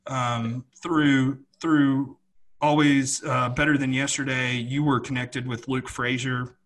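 A man's voice: medium pitch, flat delivery, slow, a bit bright. A man co-hosting a podcast, talking in an earnest, reflective way with many restarts. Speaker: podcast co-host. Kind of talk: casual conversation.

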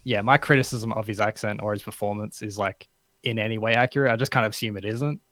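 A man's voice: lowish voice, steady tone, fast, fairly bright tone, no room sound. A man in casual chat who hedges a lot, filling with "like" and "I don't know". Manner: hedging, fills with "like" and "I don't know".

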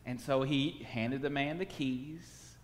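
A man telling a story aloud, acting out the dialogue in an animated way. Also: medium pitch, slow pace, a little hiss or hum. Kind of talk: spoken storytelling. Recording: long hall reverb.

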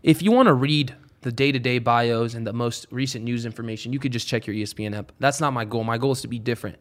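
A man's voice: medium pitch, fast talker. A young man hosting a casual podcast, brash and swearing, laughing often as he talks. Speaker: podcast host.

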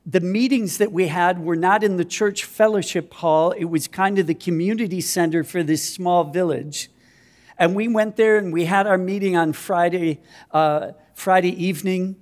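A Minnesota man in his fifties, speaking as a missionary, shares his personal testimony in an earnest, self-deprecating storytelling style. His voice is a little high for a man, with a darkish tone and a moderate pace.

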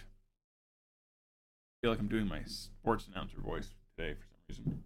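A man's voice: deep voice, measured pace, pauses often. A man hosting a show, reading informational notes aloud and breaking off for joking asides. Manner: wry, joking asides between read facts. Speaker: show host.

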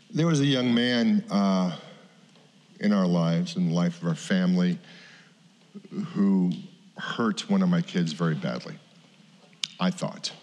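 Middle-aged male pastor, low voice, conversational sermon storyteller, long church reverb. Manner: conversational, animated storyteller acting out quotes. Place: church sanctuary.

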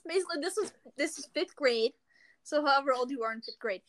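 A young adult woman co-hosting a casual chat with friends, telling stories in an animated way and laughing often. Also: high voice, quick pace, dry recording. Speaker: co-host.

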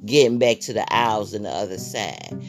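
A man's voice: on the low side, sing-song, moderate pace, gravelly, soft background music. A man hosting a podcast, talking through a casual spiritual monologue in a blunt, profane way, often repeating his phrases. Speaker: podcast host.

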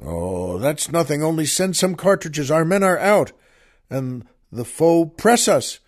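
A man reciting a poem, voicing a wounded young drummer boy who pleads in a shrill, urgent cry. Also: very animated, a little slow. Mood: pleading.

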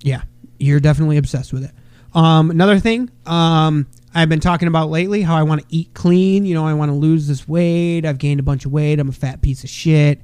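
A man in his thirties hosting a crude comedy podcast, rambling and swearing, with loud bursts when he quotes people. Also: fairly high pitch, steady tone, fairly quick, smooth, no echo. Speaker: podcast host.

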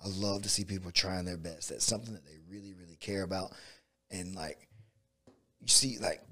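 Here a laid-back man with a lowish voice talks at a moderate pace in casual conversation. He coaches jiu-jitsu and MMA and rambles easily, saying "dude" and "like" a lot.

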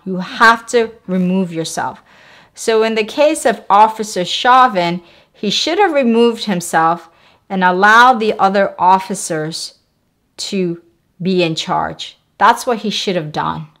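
A woman talking to camera as a wellness vlogger, giving calm, repetitive, step-by-step self-help coaching. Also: mid-range voice, unhurried. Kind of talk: instructional self-help talk.

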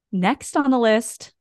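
A woman co-hosting a casual chat over a video call, gushing and bubbly and quick to laugh. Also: fairly high pitch, a little mellow, no echo, studio quality. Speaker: co-host.

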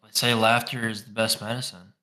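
A man's voice: lowish voice, level tone, brisk, sharp tone, rough recording. A man as a podcast guest in casual chat, laid-back and tossing out short dry one-liners.

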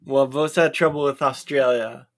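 A man's voice: medium pitch, fairly even intonation, fairly quick. A man playing a tabletop game, joking and playful with his friends. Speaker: player. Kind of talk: casual tabletop banter.

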